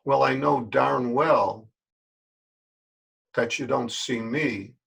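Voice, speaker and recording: A man's voice: medium pitch, slow pace, gravelly, fairly bright tone, slightly rough. An older man, a yoga teacher, talking straight to his listeners in a folksy, earnest way and repeating words for emphasis. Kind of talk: spoken address to camera.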